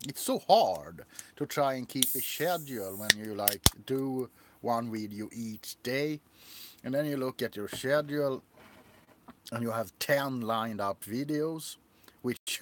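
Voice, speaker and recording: A man hosting a casual livestream, rambling and laughing often as he shows off his figurines. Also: mid-range voice. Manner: giggly, rambling. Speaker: livestream host.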